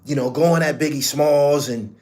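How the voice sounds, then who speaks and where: A man's voice: fairly high pitch, moderate pace, mellow. A man hosting a podcast, telling a story in blunt, profane, emphatic casual commentary. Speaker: podcast host.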